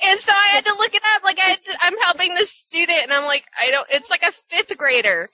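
Bubbly Southern woman with a bright voice. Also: extremely high pitch, huge pitch swings, a little fast, no echo, low-quality recording. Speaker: teacher. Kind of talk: casual chat.

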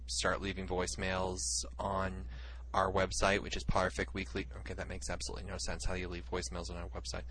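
A man's voice: sits low, monotone, a little fast, background noise. A man co-hosting a fan podcast in casual chat, stumbling over his lines and laughing at his own slips. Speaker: podcast co-host.

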